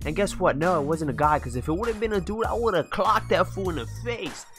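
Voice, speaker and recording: A young man rants through a storytime vlog, animated and full of slang. His voice has a sharp, bright edge. Soft music plays faintly underneath. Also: high-pitched, fairly quick. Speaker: vlogger. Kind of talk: storytime rant.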